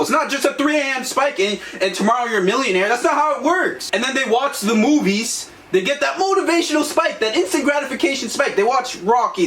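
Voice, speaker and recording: A man's voice: sits high, fairly bright tone. A young man co-hosting a podcast, giving blunt, profane motivational talk. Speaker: podcast co-host. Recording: echoey room, distant mic, faint noise.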